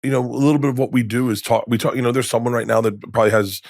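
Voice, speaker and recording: A man in his fifties, a comedian guest telling stories in a podcast interview, rambling and animated, acting out quoted lines with many restarts. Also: mid-range voice, racing, gravelly, no echo, studio quality. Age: 50s. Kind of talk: candid storytelling in conversation. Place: podcast studio.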